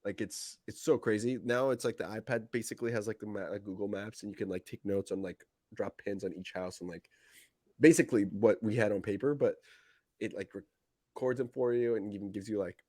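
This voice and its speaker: A man's voice: lowish voice, fairly even intonation, brisk, a little mellow, dry recording, studio quality. A man hosting a podcast in casual chat, laid-back and chatty, hedging with fillers. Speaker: podcast host.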